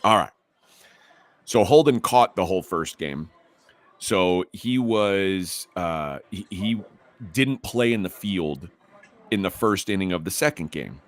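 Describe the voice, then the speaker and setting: A middle-aged podcast host with a low voice tells a rambling story slowly but animatedly. He keeps restarting and gets increasingly heated as this casual storytelling goes on.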